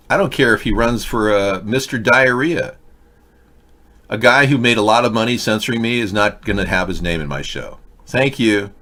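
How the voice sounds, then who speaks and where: A man's voice: medium pitch, normal speed, bright, forceful tone. A man hosting a political talk show, talking in a mocking, sarcastic way and jumping between bits and rants. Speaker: host.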